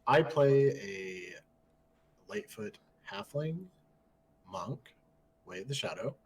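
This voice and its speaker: A man's voice: lowish voice, lively intonation, takes it slowly, slight background noise. A man playing in a tabletop game, talking in a laid-back, joking way. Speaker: player. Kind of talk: casual tabletop game chat.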